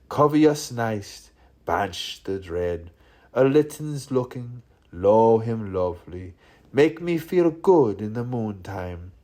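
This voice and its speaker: A man reading a literary audiobook aloud, lingering slowly over dense, playful wordplay. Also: medium pitch, darkish tone. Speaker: audiobook reader.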